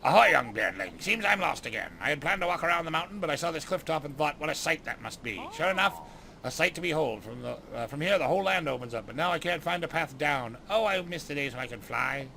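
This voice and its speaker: A man's voice: a little high, animated, fast, vocal fry, sharp tone, slight background noise, exaggerated voice. A man voicing a whimsical old wandering wizard who rambles. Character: old wandering male wizard who once could fly.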